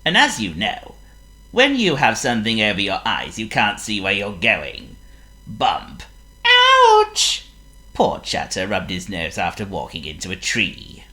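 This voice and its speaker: A woman reading a children's story aloud, playful and expressive. Her voice is unusually deep for a woman yet bright. She reads slowly with huge swings in pitch.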